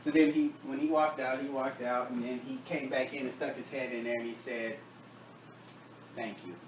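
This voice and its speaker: A man casually telling a story about a doctor visit, acting out both sides of the talk and dropping his voice low and soft for the doctor's lines. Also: little pitch movement, fairly quick. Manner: retells a doctor visit with quoted dialogue, drops voice low and soft for the doctor. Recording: echoey room, far from the mic, faint noise.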